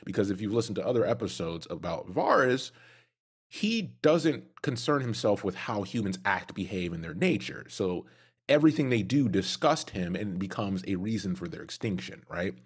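Deep, husky male podcast host. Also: very animated, normal speed. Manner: recapping story, agreeable. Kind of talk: casual lore discussion.

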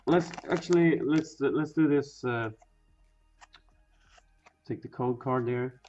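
A young man casually narrating as he opens card packs, rambling and swearing, and sometimes bursting into loud excitement. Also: mid-range voice, slow, noisy background. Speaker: pack-opening video host. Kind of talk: casual card-opening commentary. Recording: dull lo-fi sound with faint music.

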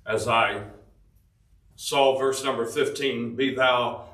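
A man preaches a devotional sermon, reading scripture in old-fashioned Bible wording and then explaining it. His voice is bright and forceful. It rings through an echoey room, picked up from some distance off the mic. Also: mid-range voice, fairly even intonation, slow pace, long pauses.

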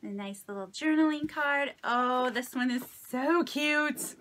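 A woman's voice: sits high, unhurried, few pauses, fairly bright tone. A woman from Indiana, a craft vlogger, gushing sentimentally through an unboxing, a little unwell and shaky. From Indiana, United States. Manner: gushing, sentimental, many delighted exclamations. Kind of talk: casual unboxing vlog.

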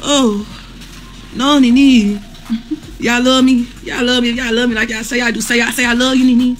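A woman's voice: a little high, fairly even intonation, moderate pace. A woman in pain, streaming live from a hospital room, who talks bluntly with lots of cursing and laughs through her pain while reading viewer comments. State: in pain, near tears. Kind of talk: casual live chat with viewers.

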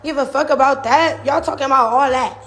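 A woman's voice: high-pitched, a little fast, fairly bright tone, a little hiss or hum. A woman from a reality show speaking straight to the camera, taunting and trash-talking with heavy swearing and bursts of laughter. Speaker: reality show cast member. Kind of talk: direct-to-camera rant.

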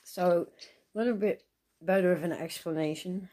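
A woman's voice: lowish voice, moderate pace, mellow. A sick woman making a casual ASMR video at home, chatting and getting distracted by her pet bird. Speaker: ASMR vlogger.

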